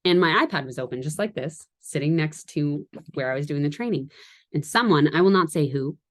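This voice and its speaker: A woman with a notably low, deep voice talks her sales team through a training in a loose, chatty way. She laughs at her own jokes and often drifts into side stories before pulling herself back on track. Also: lively intonation, a little fast. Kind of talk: casual training talk to a team.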